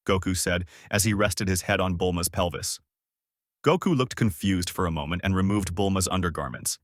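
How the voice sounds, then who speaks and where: A man reading a fan-made adventure story aloud in an animated way. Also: low voice, normal speed, dry recording, clean studio sound.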